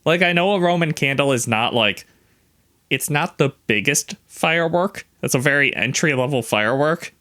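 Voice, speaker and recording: A man's voice: fairly high pitch, animated, moderate pace, bright, forceful tone. A young adult man co-hosting a podcast, reacting to stories with wry, questioning comments. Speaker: podcast co-host. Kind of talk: casual chat.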